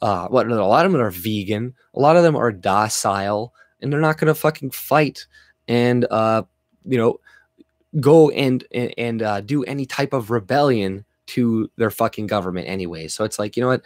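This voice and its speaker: Dude ranting on a stream, swears a lot, keeps restarting, dry close sound. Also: male voice, medium pitch, lively intonation, moderate pace, no room sound. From Canada. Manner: blunt and profane, lots of fillers and restarts. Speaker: livestream commentator. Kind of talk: profane livestream rant.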